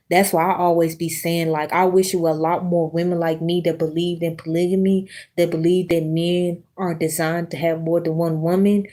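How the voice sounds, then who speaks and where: A woman's voice: lowish voice, mellow. A woman in her thirties ranting bluntly on a livestream, profane and preachy, talking straight to her viewers. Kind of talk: casual livestream rant.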